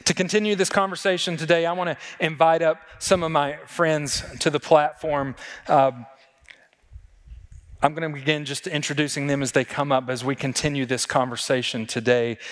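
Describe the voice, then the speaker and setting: A man's voice: on the high side, level tone, normal speed, long reverb tail. A man preaching a sermon as a pastor, talking conversationally and asking the congregation rhetorical questions.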